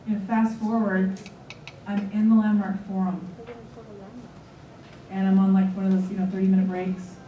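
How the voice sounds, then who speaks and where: A seminar leader in her forties tells a candid personal story to an audience in a large room, acting out the dialogue. Her mid-range, mellow voice is completely flat, at a moderate pace with frequent pauses. The dull audio comes from far off in an echoey room, with audience noise and murmur behind her.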